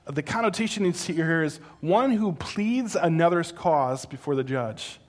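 A middle-aged pastor preaches a sermon, teaching in a slow, soft, earnest way. His animated storytelling builds to loud, high exclamations.

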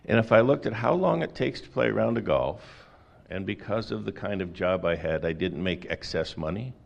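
A man's voice: lowish voice, animated, moderate pace, vocal fry, muffled recording. A middle-aged man preaching a sermon in a conversational way, with folksy asides and rhetorical questions. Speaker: pastor.

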